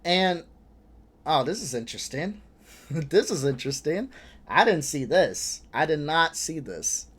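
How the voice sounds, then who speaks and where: A man hosting a reaction video, talking in a frustrated, animated way, swearing and laughing between points. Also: on the high side, unhurried, slightly rough. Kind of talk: casual reaction commentary.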